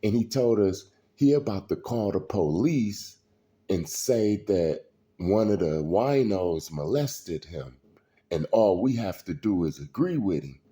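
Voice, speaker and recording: A middle-aged man, telling stories in a slow, preachy street style. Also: lowish voice, lively intonation, dark tone. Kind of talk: casual storytelling monologue.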